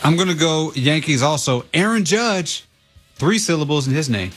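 A man's voice: on the high side, expressive, moderate pace, fairly bright tone, soft background music. A man guesting on a sports radio show, giving his picks in an easygoing way. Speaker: guest analyst. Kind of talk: casual sports betting chat.

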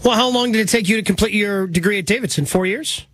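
A man's voice: high-pitched, fast talker, fairly bright tone. A man hosting sports radio, conversational and steering with questions.

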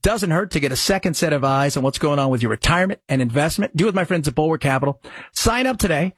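Rambling talk radio host, husky man. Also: fairly high pitch, animated, fast talker, no echo. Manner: rambling, conversational, jumps between topics. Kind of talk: casual radio talk and live reads.

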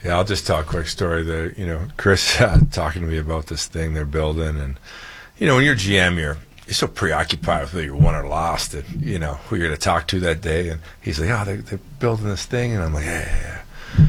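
A man's voice: a bass voice, fast talker, fairly bright tone, husky. A man speaking as a hockey team's general manager at a press conference, telling a story in an enthusiastic, rambling way.

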